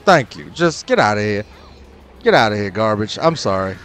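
A young adult man commenting on his own ranked matches, swearing often and breaking into loud, exasperated outbursts. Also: fairly low pitch, sing-song, normal speed. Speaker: gaming channel host.

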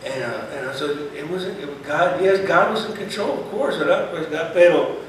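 A man's voice: on the high side, normal speed, a little hiss or hum. A male preacher giving a sermon and reading scripture aloud. He often drops in Spanish phrases and keeps saying "hermano" and "praise God.". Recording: very echoey room, voice far from mic.

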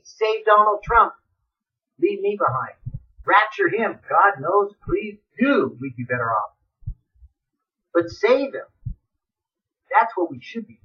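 A man preaching a fiery sermon on the radio, swinging from shouted pleas to hushed, dramatic asides. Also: high-pitched, far from the mic, highs cut off.

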